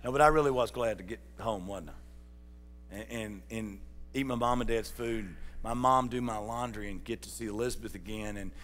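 Pastor preaching with echoing reverb. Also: male voice, on the low side, moderate pace, a bit bright. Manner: folksy, calls out to the congregation. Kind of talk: sermon. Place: large church sanctuary. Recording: church hall reverb.

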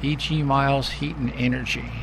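Gravelly man rambling over game play. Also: mid-range voice, steady tone, moderate pace, heavy background noise. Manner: rambling, thinks aloud with many fillers. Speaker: gameplay commentator. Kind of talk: casual let's-play commentary.

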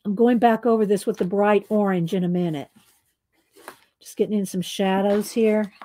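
A woman's voice: medium pitch, steady tone, moderate pace, mellow. A woman hosting a coloring livestream, chatting casually and murmuring to herself as she works.

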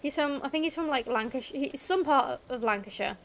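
A woman's voice: high voice, lively intonation, brisk, a bit bright, a little hiss or hum. A young woman, chatting casually on a gaming stream, rambling with lots of fillers and restarts. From Liverpool area, England. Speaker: VTuber streamer.

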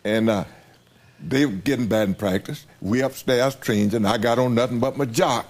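In a storytelling interview, an older American man with a mid-range, slightly mellow voice talks at a normal speed. He spins folksy anecdotes and chuckles along the way.

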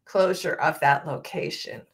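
A woman's voice: low-pitched, steady tone, a little slow, creaky. A woman co-hosting a live online chat show, talking in a friendly way and laughing easily. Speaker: co-host and dog show mentor.

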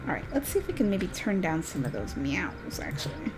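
A woman giving casual, excitable commentary while playing a game, gushing with delight. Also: low-pitched, fairly quick, few pauses. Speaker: let's play gaming creator. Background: game music.

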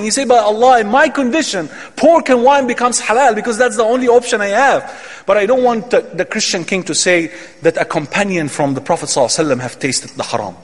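A man giving an Islamic lecture, telling a story dramatically with emphatic quoted dialogue. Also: high voice. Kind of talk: sermon storytelling. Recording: long hall reverb.

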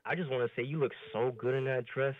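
A man's voice: mid-range voice, steady tone, quick pace. A man calling in to a live show, chatting eagerly and flirting with the host. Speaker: caller. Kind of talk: casual flirty phone chat. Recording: tinny phone line.

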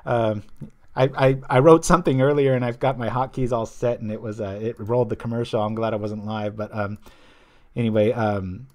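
A male stream host talking through a card game in an easygoing, wandering way, drifting off topic and circling back. His voice sits at an ordinary middle pitch, and he keeps a relaxed, conversational flow. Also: normal speed. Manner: chatty, rambling, loses his train of thought; reads viewer chat aloud. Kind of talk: casual card game commentary.

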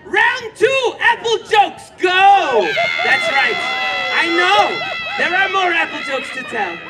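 A showy Hollywood emcee. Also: male voice, extremely high pitch, sing-song, moderate pace. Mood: teasing. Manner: teasing, theatrical, shouts to the crowd. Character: showy male 1920s Hollywood emcee, teasing. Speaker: game show host. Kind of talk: live street comedy show. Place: outdoor theme park street. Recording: distant, loud crowd and noise.

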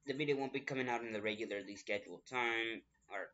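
A man's voice: mid-range voice, quick pace, pushed and bright. Young man with hiccups, dull lo-fi audio. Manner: rambling and apologetic, repeats himself. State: has the hiccups. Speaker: channel host. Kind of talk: casual vlog update. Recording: dull lo-fi recording.

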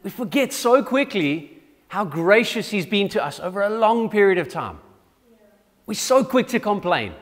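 A man's voice: high voice, very animated, moderate pace, long reverb tail. A man preaching a sermon in a conversational, self-deprecating way with frequent restarts. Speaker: pastor. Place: church.

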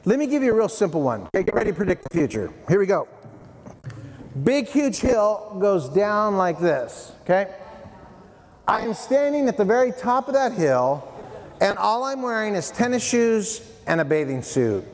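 A man giving a playful, animated prevention talk to middle schoolers at a school assembly, addressing them directly. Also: high voice, moderate pace. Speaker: youth prevention speaker. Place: middle school hall, indoors. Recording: long hall reverb, faint room noise.

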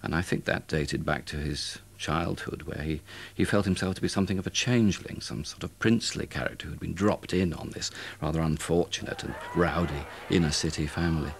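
A man giving measured, thoughtful documentary commentary. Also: rumbling low, gravelly. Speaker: documentary narrator.

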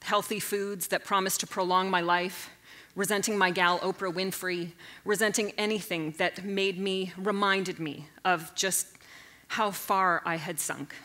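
A woman in her forties telling comedic stories on stage, animated and self-mocking, jumping into loud character voices. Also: medium pitch, a little slow. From Canada. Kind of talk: stand-up storytelling talk. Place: stage at a live event.

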